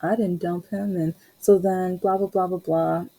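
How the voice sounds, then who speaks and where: Young woman chatting on her podcast, husky voice, laughs a lot, rambly. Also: lowish voice, steady tone, normal speed, warm tone, low-quality recording. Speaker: podcast host. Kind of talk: casual storytelling.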